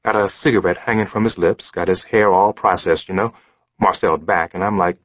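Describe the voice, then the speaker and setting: A man's voice: sits low, fairly even intonation, a little fast, no echo. A man narrating an audiobook in a streetwise, conversational storytelling manner, close to a studio mic. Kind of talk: scripted narration. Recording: slightly dull studio audiobook recording.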